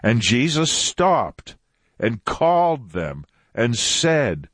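A man's voice: mid-range voice, sing-song, slow pace, a bit bright, no echo. A man teaching a Bible passage in a conversational way, repeating phrases for emphasis. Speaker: preacher.

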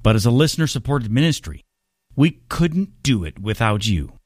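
A male announcer reading a scripted promotional message in a smooth, promotional way. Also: medium pitch, sing-song, normal speed, no echo, studio quality. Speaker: radio announcer. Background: faint music.

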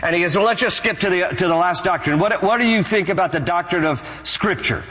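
A man's voice: high voice, a little fast, bright, forceful tone, long reverb tail, voice pushed up, rough recording. A male pastor voicing a supervisor angel who quizzes a newcomer in a businesslike way, within a sermon story.

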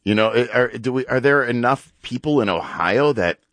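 A man's voice: medium pitch, expressive, moderate pace, fairly bright tone, no echo. A man co-hosting a casual political talk radio show in a studio, chiming in with terse, dry remarks. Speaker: radio co-host.

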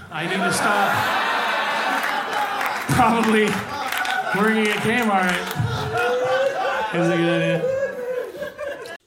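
A man's voice: high-pitched, very noisy. A young man performing a stand-up comedy set, rambling and self-deprecating, full of fillers. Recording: echoey club with loud crowd.

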